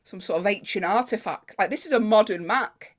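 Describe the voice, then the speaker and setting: A woman comedian, telling a lively anecdote in casual podcast chat. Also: medium pitch, fairly quick. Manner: lively anecdote-telling, acts out other people.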